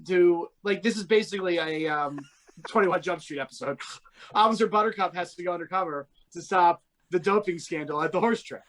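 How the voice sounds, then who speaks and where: A man's voice: sits high, fairly quick, fairly bright tone. A man with a Baltimore accent, co-hosting a comedy podcast in a rambling, jokey way. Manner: rambling, jokey, full of "like" and restarts. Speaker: podcast co-host. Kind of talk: casual comedic chat.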